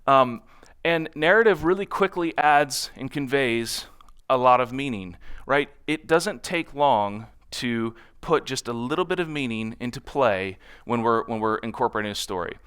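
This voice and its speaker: A man's voice: medium pitch, animated, moderate pace, a bit bright, clear, resonant tone. A man speaking at a conference in front of an audience, telling anecdotes in a conversational way and often checking in with "right?".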